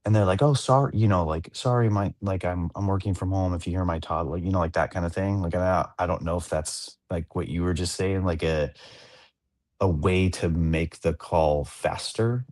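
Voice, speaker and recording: A man's voice: low-pitched, fairly even intonation, moderate pace, darkish tone, no echo, clean studio sound. A man co-hosting a podcast, chatting casually and rambling with many fillers and restarts. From Southern California. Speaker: podcast co-host. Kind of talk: casual chat.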